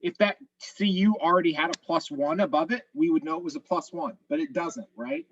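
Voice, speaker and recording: A man teaching chemistry in an online class, explaining methodically step by step, his voice a little hoarse. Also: fairly high pitch, a little fast, muffled recording. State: slightly hoarse. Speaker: chemistry instructor.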